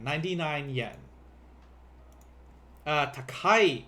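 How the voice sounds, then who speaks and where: Playful and ready to laugh, a young language teacher walks beginners through vocabulary on a casual livestream, slowly repeating each word. His voice runs a little high, expressive, with a sharp tone.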